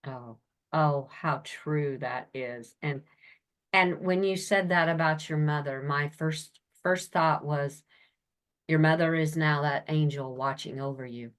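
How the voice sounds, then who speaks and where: A woman's voice: sits low, slow. A woman podcast host who gushes praise at her guest. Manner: effusive, gushing praise. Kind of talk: interview talk.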